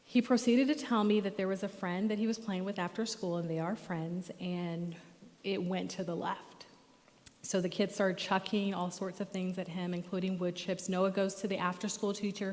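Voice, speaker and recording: Brief: middle-aged woman speaker, animated storyteller, mid-pitched voice, long hall reverb. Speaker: guest speaker and therapist. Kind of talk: storytelling talk at church. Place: church auditorium.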